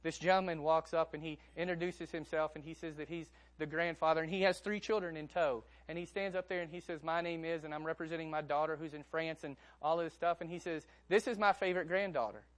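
A young man preaching a sermon, telling a story and moving between hushed lines and emphatic ones. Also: a little high, little pitch movement, fast, few pauses.

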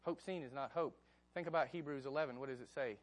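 A man preaching a sermon in a conversational, animated way, often asking the congregation questions. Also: medium pitch, fast talker. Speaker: pastor.

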